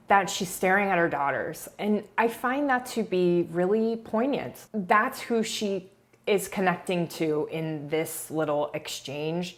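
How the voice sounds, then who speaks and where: A woman casually talking through a reality show scene, chatty and hedging, often restarting her sentences. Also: fairly low pitch. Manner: chatty, hedging, frequent restarts and soft laughs. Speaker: reality TV commentator. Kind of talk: casual video commentary.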